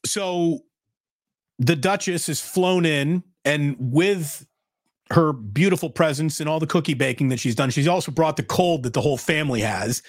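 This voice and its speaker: A man's voice: on the high side, moderate pace, no room sound, clean studio sound. A middle-aged man co-hosting a sports talk show, emphatic and blunt in casual chat. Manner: emphatic, blunt, repeats himself.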